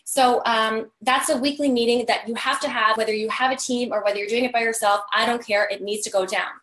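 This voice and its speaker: A woman leads a live-streamed scheduling tutorial for business owners in a chatty style, full of "like" and constant "right?" while she is losing her voice. Her voice is a little high, fairly bright and fairly even in intonation, and she talks fairly quickly in an echoey room.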